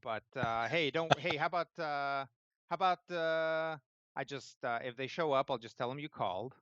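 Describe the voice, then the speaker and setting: A man's voice: medium pitch, moderate pace, a bit bright, clean tone, no echo, muffled recording, pitched above the performer's own voice, close to an everyday voice. A man voicing a nervous old bird-like innkeeper who stammers and dodges questions.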